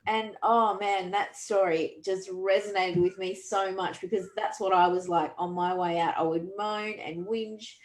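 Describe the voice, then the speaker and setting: A woman's voice: medium pitch, fairly even intonation, a little slow, few pauses. A woman, a podcast host and coach, talking earnestly and reflectively with frequent restarts. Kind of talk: conversational coaching talk. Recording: roomy echo.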